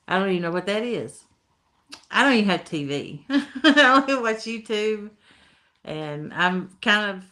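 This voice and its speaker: A woman with a broad Appalachian accent chats her way through a live stream, her pitch swinging up and down as she greets viewers. She takes her time, drawing her words out slowly in folksy, down-home phrasing. She laughs easily between comments. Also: a bit bright. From Tennessee, USA. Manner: laughs often, folksy talk. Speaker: livestream host reading chat. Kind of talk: casual live-stream chat.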